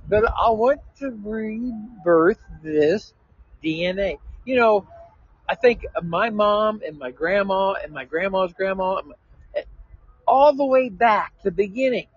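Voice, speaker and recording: An older man in casual chat, blunt and folksy, talking roughly and laughing often. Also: sits high. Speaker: conversation partner. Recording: lo-fi recording with faint music.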